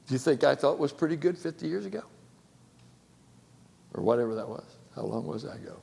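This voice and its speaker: A man preaching a sermon, asking his listeners rhetorical questions and swinging between loud exclaimed lines and near-whispered quiet ones. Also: fairly high pitch, lively intonation, fairly quick, vocal fry, pauses often, in a large hall. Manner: asks the audience rhetorical questions.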